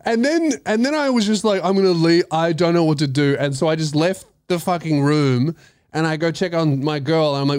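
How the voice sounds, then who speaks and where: Aussie guy on his podcast, high voice, swears a lot, jumps all over the place telling a story. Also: a little fast, no echo. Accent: Australian. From Australia. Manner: swearing, animated, laughing through the story, acting out his own voice. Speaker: podcast host. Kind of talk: casual storytelling chat.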